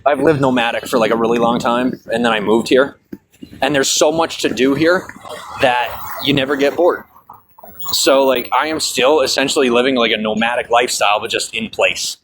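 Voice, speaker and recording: A man walks and talks into his handheld camera on a city sidewalk, chatty and blunt with a habit of swearing. His voice sits at an ordinary middle pitch. Faint street noise hums behind him. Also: steady tone, moderate pace, a bit bright, rough recording. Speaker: vlogger. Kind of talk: casual walking vlog.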